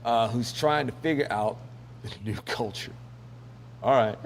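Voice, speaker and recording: A man with a mid-range voice speaks at a measured pace over slight background noise. He hosts a casual news commentary show, rambling and joking with plenty of fillers and laughter.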